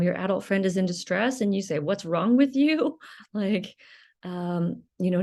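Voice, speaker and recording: A woman's voice: on the high side, mellow. A woman hosting a reflective solo talk, speaking hesitantly with frequent ums and restarts. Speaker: podcast host.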